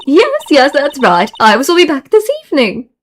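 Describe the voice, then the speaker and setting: A woman's voice: high voice, big pitch swings, normal speed, a little hiss or hum, voice pushed up. Woman doing a vain, sing-song nun. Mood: preening.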